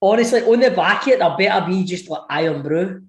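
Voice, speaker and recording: A man's voice: high voice, brisk. A man co-hosting a football podcast, chatting casually with lots of swearing and laughter. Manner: animated, swears often, laughs a lot. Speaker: podcast co-host. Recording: echoey room with faint noise.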